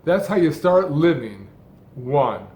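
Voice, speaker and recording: A man's voice: on the high side, very animated, darkish tone. A man coaching on speech, talking in short, rhythmic, emphatic phrases in a scripted talk. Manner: rhythmic, deliberately phrased delivery with heavy emphasis. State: person who stutters, speaking fluently. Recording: echoey room.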